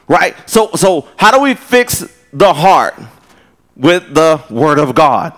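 A man preaching a sermon in a conversational, storytelling way, with quick asides. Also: on the high side, very animated, fairly bright tone. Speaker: pastor. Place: church.

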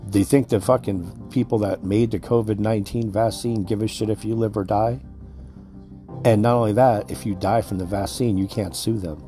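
A man's voice: fairly low pitch, fairly even intonation, normal speed, warm tone, soft background music. A man hosting a podcast, delivering an angry, swear-filled rant that lectures his listeners. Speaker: podcast host.

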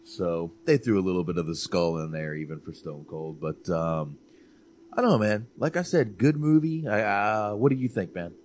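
A man co-hosting a casual movie chat, animated, swearing and repeating himself for emphasis. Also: low-pitched, moderate pace, slight background noise. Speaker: podcast co-host.

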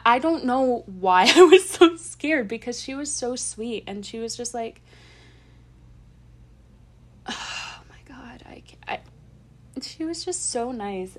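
A young woman in casual chat, telling a story in a rush of excitement. She swears freely and laughs as she talks. Her voice sits in a middle pitch.

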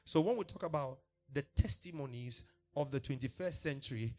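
A man's voice: mid-range voice, normal speed, a little mellow. A man preaching a sermon, emphatic and repetitive, with laughs between points.

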